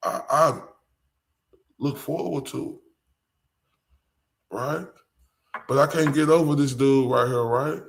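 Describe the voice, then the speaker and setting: A man's voice: medium pitch, slow pace, gravelly, long pauses. A man with a Southern US accent hosting a live stream, talking bluntly and with profanity straight to his chat. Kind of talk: casual live-stream commentary.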